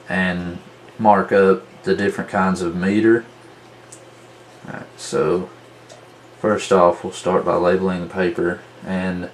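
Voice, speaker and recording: A man teaching a tutorial at a worksheet, talking slowly and drawing out syllables to show their stress. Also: low-pitched, a little hiss or hum. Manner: slow, deliberate, drawn-out syllables. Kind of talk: whiteboard tutorial.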